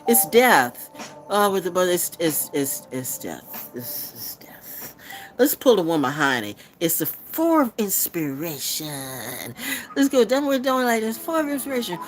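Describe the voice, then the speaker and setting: A woman's voice: on the low side, big pitch swings, moderate pace, over music. A woman reading tarot on a livestream, blunt and profane, who laughs often and drops into freestyle rhymes. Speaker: tarot reader.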